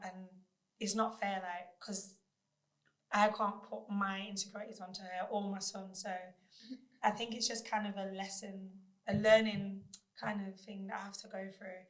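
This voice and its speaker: Flat-voiced young mother chatting candidly. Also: mid-range voice. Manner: candid, reflective, flat-toned. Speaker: podcast guest. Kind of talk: casual podcast chat.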